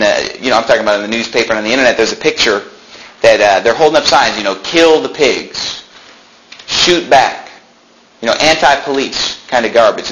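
A man pastor preaching a sermon in a church, talking conversationally and breaking into animated outbursts. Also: mid-range voice, a little hiss or hum, low-quality recording. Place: church sanctuary.

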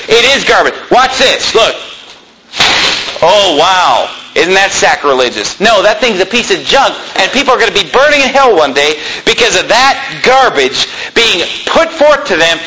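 A man's voice: sits high, very animated, normal speed, sharp tone, slight background noise, low-quality recording. A man preaching a fiery sermon in a church, combative and sarcastic, quizzing the congregation. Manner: combative, sarcastic, asks the congregation for shows of hands.

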